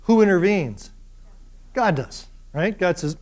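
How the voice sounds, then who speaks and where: A male university lecturer talks through a lesson in a fairly high voice. He keeps asking his students questions and slips into voices for the people he describes, which keeps the delivery lively. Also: unhurried. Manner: lively, acts out voices of biblical figures; asks the class rhetorical questions. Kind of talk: classroom lecture.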